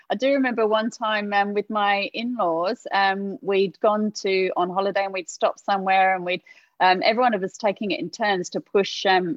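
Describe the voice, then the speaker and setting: A woman's voice: mid-range voice, no room sound. A woman from England in her forties, telling rambling stories full of fillers in casual chat. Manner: rambling storytelling with many fillers. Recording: dry dull lo-fi sound.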